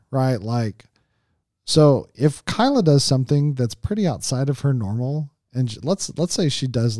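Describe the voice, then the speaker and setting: A man in his thirties co-hosts a Christian marriage podcast, casually teaching relationship advice in an easy flow, often asking "right?" and restarting sentences. His medium-pitched voice is mellow and dark, recorded close and dry with no room sound.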